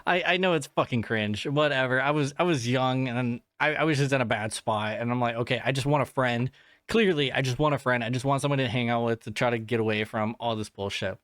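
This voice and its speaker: A man's voice: medium pitch, brisk, fairly bright tone, clear, resonant tone, no room sound, studio quality. A man hosting a podcast, telling a story in a casual, rambling way, swearing often and laughing at himself. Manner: rambling and profane, with frequent restarts and filler; self-deprecating, laughing at himself. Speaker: podcast host.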